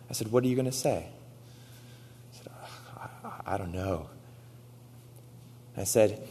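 Lower-voiced male preacher in a reverberant hall. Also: a little slow, long pauses, dark tone, slightly rough. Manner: storytelling, quoting dialogue, rising to emphatic exhortation. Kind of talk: sermon.

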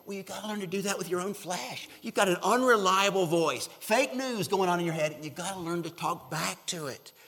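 A man preaching in a fairly high voice, talking to his listeners in a loose, conversational way. He keeps checking in with them and grows loud and full when he quotes scripture. His voice rings out with a long echo through a large hall. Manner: swells loudly on scripture quotes. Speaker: pastor. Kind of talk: sermon.

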